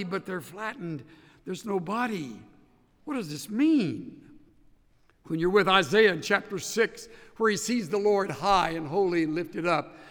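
A man teaching a Bible study class, emphatic and animated, walking his listeners through each step. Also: sits high, long reverb tail.

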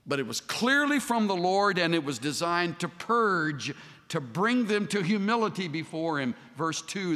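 A man preaching a sermon as a pastor, animated and voicing the figures he quotes. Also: fairly high pitch. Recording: long hall reverb.

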